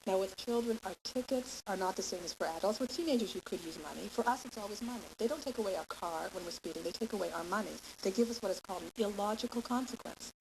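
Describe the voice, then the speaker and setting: A woman lectures a class of parents, patiently laying out her points and pausing to ask "okay?" as she explains. Her voice sits at an ordinary middle pitch, and a clear, steady hiss runs beneath the whole recording.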